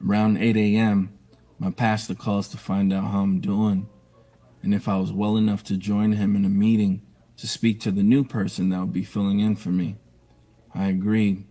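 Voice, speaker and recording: A man's voice: lowish voice, warm tone. A man telling his own story on a live stream in a candid, emotional way, blunt and profane at times.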